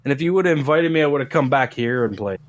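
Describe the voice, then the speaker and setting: A man's voice: medium pitch, animated, fast. A man co-hosting a casual gaming podcast, bantering and complaining in a teasing way. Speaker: podcast co-host.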